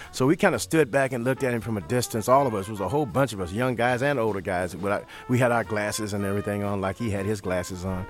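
An older man from St. Louis, telling stories as an interview guest in a relaxed manner, repeating phrases. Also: on the low side, fast, few pauses, faint music behind. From St. Louis, USA. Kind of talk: storytelling in an interview.

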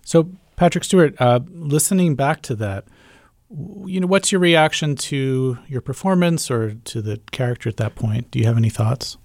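A man asks casual, slightly halting questions as a radio interviewer. His voice has a gravelly texture, recorded dry and close in a studio. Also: mid-range voice, darkish tone, no echo.

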